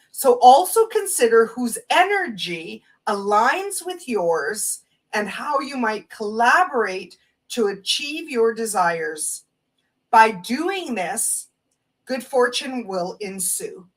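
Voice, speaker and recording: A woman hosting a live spiritual stream, gently reading oracle card messages aloud and reflecting on them. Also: fairly high pitch. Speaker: host reading oracle cards. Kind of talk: slow spiritual live talk. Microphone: phone or webcam on a live stream. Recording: distant from the mic.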